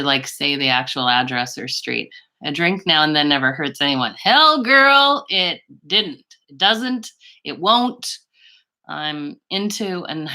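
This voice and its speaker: Speaking from her bedroom into a laptop mic, this Canadian woman runs a relaxed beauty livestream. Her voice is deep, pushed and bright, and she rambles and gushes to her viewers with small laughs scattered throughout the live chat.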